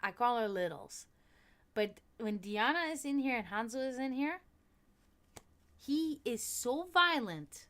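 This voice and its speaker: A woman hosting a tarot reading livestream, chatting casually with viewers, excitable, swearing freely and laughing often. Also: on the high side, a little slow, long pauses.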